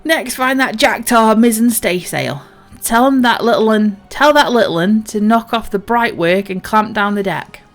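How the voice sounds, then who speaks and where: A woman voicing a gruff old male pirate sea captain who slurs his words as if drunk. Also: a little high, lively intonation, moderate pace, soft background music. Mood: blustering. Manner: slurred pirate bluster.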